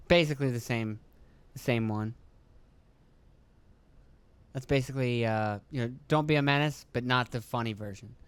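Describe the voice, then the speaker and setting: A man's voice: medium pitch, clean tone, no room sound. A young man hosting his own podcast, from rural Pennsylvania, talking in a casual, profane, joking ramble with a phlegmy throat. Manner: profane, joking, acts out his kids and himself in quick voices. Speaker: podcast host.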